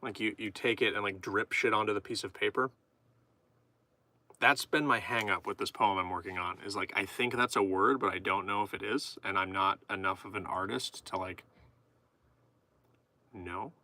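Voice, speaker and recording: On a live stream, a man writes poetry while chatting with viewers in a casual, goofy, rambling way. His voice is lowish and sharp, with a steady tone and a moderate pace.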